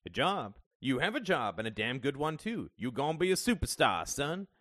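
Man voicing a middle-aged dad, anxious talker, swears casually, low-set voice. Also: lively intonation, measured pace, fairly bright tone, no room sound, clean studio sound. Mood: wheedling. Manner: rambling, wheedling, swearing. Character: middle-aged father, rambling, anxious, blustery.

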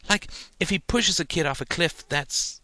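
A wide-eyed little boy of six, eager and halting, tumbling from one question to the next, as a man puts him on. The voice rides noticeably higher than the reader's own and keeps a bright, forceful edge. The recording is dry and close. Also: no echo. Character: curious earnest little boy, about six.

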